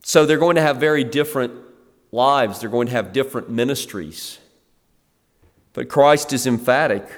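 Brief: middle-aged man, pastor, conversational sermon delivery, mid pitch, long church-hall reverb. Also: normal speed. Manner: conversational, acts out the scene in lively quoted asides. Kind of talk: expository sermon.

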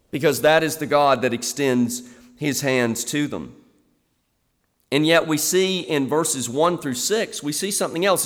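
A man preaching an expository sermon as a pastor, animated, moving between loud emphasis and quiet asides. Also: a little high. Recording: long reverb of a large hall.

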